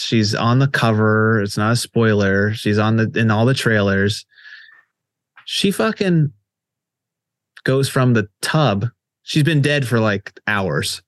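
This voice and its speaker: A man's voice: mid-range voice, slow pace, no room sound, clean studio sound. A man co-hosting a casual podcast, ranting heatedly and swearing a lot. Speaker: podcast co-host. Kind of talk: casual chat.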